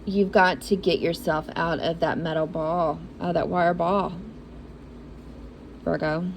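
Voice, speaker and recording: Woman, intuitive reader, low gravelly voice, slow and encouraging, faint background noise. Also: fairly even intonation, low-quality recording. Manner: encouraging, repetitive and emotional. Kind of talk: spiritual reading for zodiac signs.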